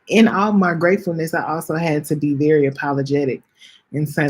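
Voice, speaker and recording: A woman in her late twenties hosting a podcast, speaking in a heartfelt, halting way, close to tears, often repeating her phrases and talking straight to her listeners. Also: deep voice, level tone, darkish tone, breathy edge. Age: late 20s. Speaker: podcast host. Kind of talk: heartfelt personal reflection.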